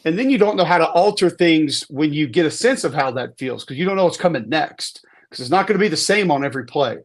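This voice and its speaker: A man with a fairly high voice talks football in a loose podcast chat. He is emphatic and keeps circling back, repeating words and restarting sentences as he makes his case. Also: animated, quick pace. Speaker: football analyst guest. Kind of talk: casual sports podcast talk.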